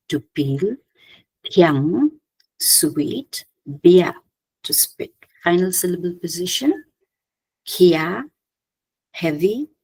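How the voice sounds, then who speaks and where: A woman with a Khasi accent giving an academic linguistics presentation, halting with many fillers and frequent throat-clearing. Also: fairly low pitch, darkish tone, rough recording.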